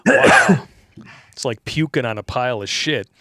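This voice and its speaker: A man co-hosts a loose talk show, his voice jumping up in pitch as he laughs and riffs. The sound is close and dry, with no room around it. He swears freely and reacts loudly to the chat. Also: measured pace, no room sound. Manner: loud laughing, animated, profane. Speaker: podcast co-host. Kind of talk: casual chat, reading viewer donations.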